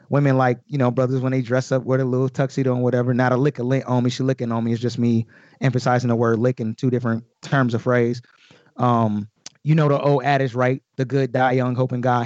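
A man talking casually as a podcast guest, explaining his own rap lyrics in an animated way with many fillers. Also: mid-range voice, no echo, dull audio. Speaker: guest recording artist.

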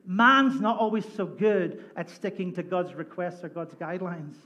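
A man preaching a sermon as a pastor, animated and jokey, telling stories and acting out the voices in them. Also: high-pitched. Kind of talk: sermon with storytelling. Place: church sanctuary.

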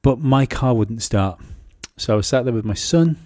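A man chatting on a podcast, rambling through sweary stories. His voice is dark and mellow, and it sounds dry and close. He often pitches up into mocking voices when he quotes people. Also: lively intonation, normal speed, no room sound. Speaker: podcast co-host. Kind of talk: casual comedic chat.

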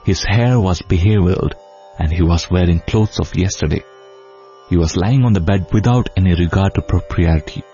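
Guy reading an old epic slow and solemn, deep mellow voice, muffled lo-fi sound, soft sitar behind. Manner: measured, solemn, steady. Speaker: storyteller. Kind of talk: scripted narration of an epic tale. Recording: dull lo-fi audio. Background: faint sitar music.

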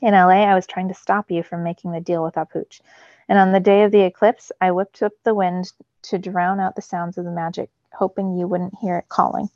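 A woman's voice: on the low side, level tone, fairly quick, darkish tone, no echo, highs cut off, natural voice. A woman voicing an ancient, stern male storm god who speaks in a grave, commanding way.

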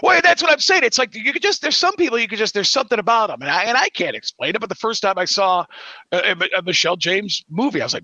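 Fast, excitable high-voiced man. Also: dry recording. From Cleveland, USA. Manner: blunt and profane, stammers on restarts. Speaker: podcast co-host. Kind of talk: casual chat.

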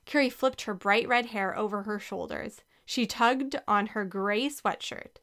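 A woman narrating a children's storybook with a lively, expressive reading. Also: mid-range voice, unhurried. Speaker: audiobook narrator.

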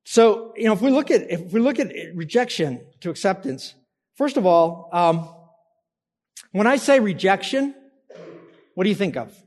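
High-voiced preacher in a reverberant hall. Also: male voice, sing-song, normal speed, pauses often, a little mellow. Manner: interactive, asks congregation to call out answers. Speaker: pastor. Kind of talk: sermon. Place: church hall. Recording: long church hall reverb.

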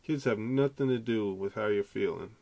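A man hosting a podcast, delivering an animated, profane, slangy casual rant. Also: lowish voice, normal speed, gravelly, no echo. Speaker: podcast host.

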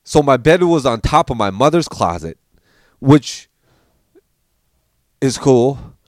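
A man telling childhood stories in a loose, animated way, slipping into the voices of his family. His pitch sits in the middle, and the recording is dry and close. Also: takes it slowly, no room sound. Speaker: podcast storyteller. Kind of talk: casual storytelling.

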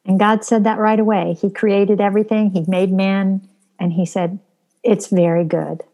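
A woman's voice: mid-range voice, level tone, normal speed, mellow. Earnest woman preaching in casual talk. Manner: earnest, preaching, frequent ums. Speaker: co-host of a Christian talk show. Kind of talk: casual faith discussion.

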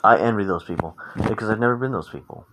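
A young man with a lowish voice rambles through a frank, profane solo podcast monologue. He keeps restarting his sentences and acts out what other people said. A steady noise sits under the recording. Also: fast, gravelly. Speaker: podcast host. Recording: noticeable background noise.

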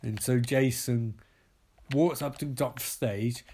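A man spins a rambling comic tale, full of profanity and asides. His voice sits at a middling pitch, with faint keyboard clicks in the background. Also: fairly even intonation, measured pace, a little mellow, a little hiss or hum. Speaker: storyteller. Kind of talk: improvised comic storytelling.

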